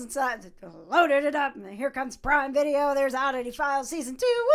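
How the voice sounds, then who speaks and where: A woman's voice: sits high, lively intonation, a little fast, few pauses. A woman co-hosting a podcast in casual chat, giggly and teasing. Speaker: podcast co-host.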